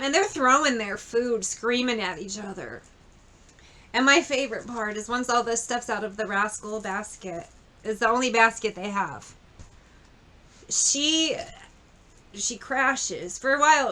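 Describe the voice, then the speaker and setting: A woman's voice: fairly high pitch, bright, forceful tone. A woman giving a casual tarot reading, chatty and blunt, swearing freely as she tells a story. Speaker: tarot reader.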